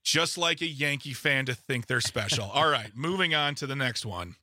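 A man's voice: medium pitch, expressive, moderate pace, pushed and bright, dry recording, clean studio sound. A man co-hosting a casual podcast, reading news headlines aloud with joking asides and stumbles.

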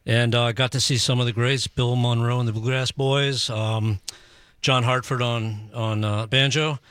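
A man with a mid-range voice recalls his past at a measured pace, pausing on "uh" and "um". The recording is dry and close on the mic. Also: medium pitch, fairly even intonation, fairly bright tone, smooth, no echo. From New York City. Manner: measured recollection with fillers. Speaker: lead guitarist guest. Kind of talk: radio interview.

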